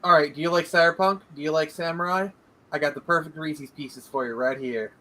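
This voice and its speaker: A man's voice: fairly high pitch, fairly even intonation, a little fast, pushed and bright, a little hiss or hum, low-quality recording. A young man talking casually as a guest on a livestream, rambling with many fillers. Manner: rambling, hesitant, lots of fillers. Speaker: guest comic creator.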